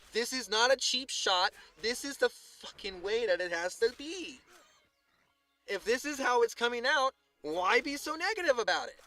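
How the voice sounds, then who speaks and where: A man talking casually on a live stream, rambling with lots of filler words and swearing, sometimes quiet and sometimes heated. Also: very high-pitched, expressive, normal speed, soft background music. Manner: swings from subdued to heated ranting.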